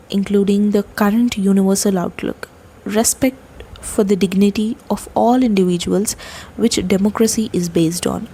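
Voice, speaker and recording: Woman lecturing in a warm voice. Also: medium pitch, slight background noise, low-quality recording. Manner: explains step by step, speaks with fillers and pauses. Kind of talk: explanatory lecture.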